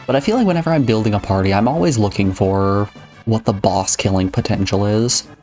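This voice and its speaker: A man's voice: lowish voice, brisk, darkish tone, faint music behind. A man streaming a game live, chatting casually and rambling to his viewers. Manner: rambling, chatty, addresses chat. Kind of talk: casual live gameplay chat.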